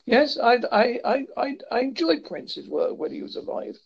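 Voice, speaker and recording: A man from the United Kingdom with a British accent, chatting casually in a polite, halting way and repeating his words. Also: extremely high pitch, big pitch swings, creaky, husky. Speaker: chat partner. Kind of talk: casual chat. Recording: muffled lo-fi audio.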